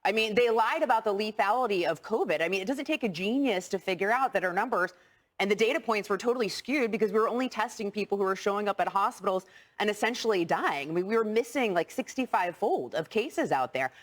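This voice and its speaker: A woman's voice: mid-range voice, lively intonation, fast talker. A woman speaking as a panel guest, heated, starting sentences with "I mean". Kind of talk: opinion panel talk.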